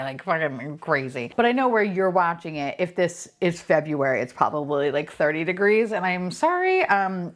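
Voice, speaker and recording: A young adult woman talking casually as she unboxes blind-box toys at home, excitable and profane, gasping and squealing at what she pulls out. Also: low voice, slight background noise. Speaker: unboxing vlogger.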